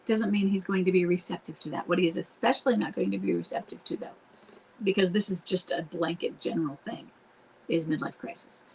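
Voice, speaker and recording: A woman's voice: fairly low pitch, steady tone, brisk, vocal fry, darkish tone, a little hiss or hum, rough recording. A woman coaching spouses in a live online Q&A, talking earnestly and directly and breaking off to act out what to say. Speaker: marriage coach answering viewer questions. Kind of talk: live Q&A advice talk. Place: home, streamed live online.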